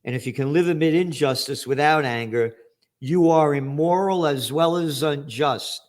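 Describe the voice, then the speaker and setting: A man's voice: on the high side, normal speed, a little mellow. An older man hosting a news commentary, ranting angrily and profanely, with sarcastic emphasis as he reads out headlines.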